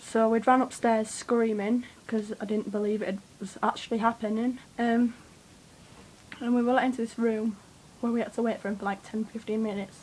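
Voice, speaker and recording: A young woman, telling a rambling, excitable story to camera, swearing freely and with lots of fillers. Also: fairly high pitch, normal speed, a little hiss or hum, low-quality recording. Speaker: vlogger.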